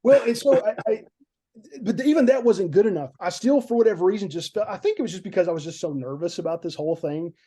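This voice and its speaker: An excited podcast guest recounts a film shoot, rambling, circling back, and repeating words when nervous. His voice is a little high yet dark and mellow in tone, fast and slightly rough.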